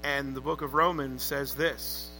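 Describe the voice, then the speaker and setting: A man's voice: medium pitch, fairly even intonation, measured pace, pushed and bright, slight background noise, poor audio. A man preaching a sermon to a congregation, emphatic and calling on them to answer back. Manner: emphatic, calls for congregation responses. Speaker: pastor.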